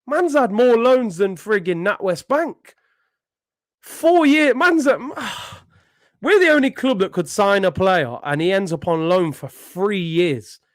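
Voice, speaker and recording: A man's voice: high voice, very animated, unhurried, dry recording, clean studio sound. A young man ranting in exasperation as a football channel host, repeating himself in disbelief. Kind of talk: ranting vlog commentary.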